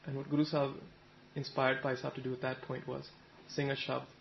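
Gravelly, flat-voiced male preacher. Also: mid-range voice, brisk, dull audio, a little hiss or hum. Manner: retells a story, voicing the people in it plainly. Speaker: Sikh preacher. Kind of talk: sermon with storytelling.

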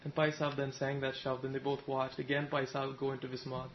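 A man's voice: medium pitch, completely flat delivery, fast talker, lo-fi sound, a little hiss or hum. A man giving a Sikh sermon, retelling a story and speaking its characters' lines in his own plain voice. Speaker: Sikh preacher.

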